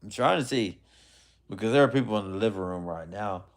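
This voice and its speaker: A man's voice: on the low side, fairly quick. Chatty young man hosting a livestream. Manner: loose, chatty, rambling, laughs often. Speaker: livestream host. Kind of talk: casual livestream chat reading comments.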